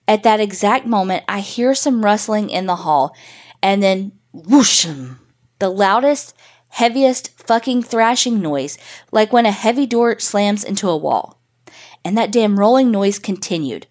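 A woman with a middle-pitched voice reads a listener's ghost story in the first person, casual and full of swearing. She's animated and loose, and unhurried.

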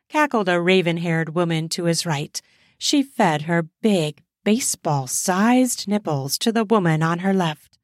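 A woman narrating an erotic story slowly and deliberately as a podcast host. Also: on the low side, animated, no room sound, studio quality.

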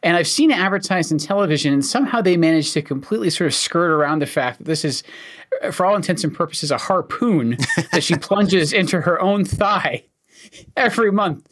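A man's voice: fairly high pitch, animated, fairly quick, fairly bright tone. A man from Scotland with a light Scottish accent, a doctor co-hosting a podcast chat with dry, wry humor. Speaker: oncologist co-host.

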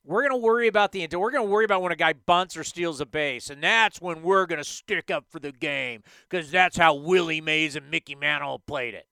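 A man's voice: a little high, fairly quick, few pauses, pushed and bright, clear, resonant tone, no echo. A man hosting a sports talk show, ranting emphatically with rhetorical questions.

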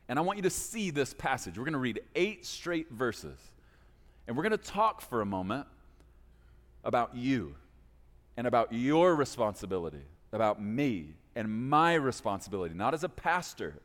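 A man, a pastor, preaching a sermon in a church, with lively, playful storytelling and casual asides. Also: medium pitch. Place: church sanctuary. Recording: echoey hall reverb.

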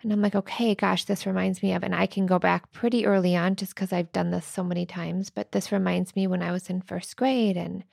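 A woman therapist talks through a method in relaxed, chatty podcast style. Her voice sits a little low, with a gravelly fry, and the recording is close and dry. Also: brisk, hardly any pauses, no room sound. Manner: conversational, frequent "like" and "right?", laughs lightly. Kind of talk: casual explanatory chat.

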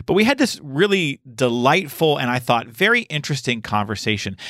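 A man hosting a podcast in casual chat, animated and quick to laugh. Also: lowish voice, no room sound, clean studio sound. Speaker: podcast host.

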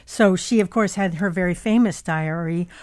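A woman's voice: lowish voice, normal speed, a little mellow. Conversational woman interviewer. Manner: conversational, probing questions. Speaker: radio interviewer.

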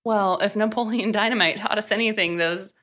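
Podcast co-host, woman, sharp bright tone, quick wry humor. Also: medium pitch, fairly even intonation. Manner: wry, joking asides and casual swearing. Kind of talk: casual book-review chat.

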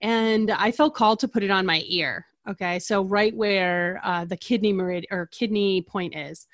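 A woman's voice: medium pitch, moderate pace, dry recording, clean studio sound. A woman in her thirties, an energy healer, chatting casually as a guest and acting out little dialogues. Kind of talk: casual conversational interview.

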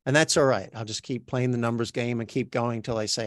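A man's voice: medium pitch, steady tone, a little fast, few pauses, no echo, clean studio sound. A man with an Australian accent, talking as an interview guest in a chatty, self-reflective way, often restarting his sentences. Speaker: guest, actor. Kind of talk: podcast interview.

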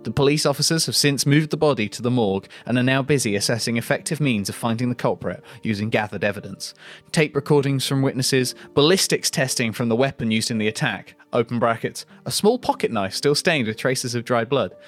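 A man's voice: medium pitch, a little fast, soft background music. A man co-hosting a comedy podcast, reading an AI-written script aloud and tripping over its awkward phrasing. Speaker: podcast co-host.

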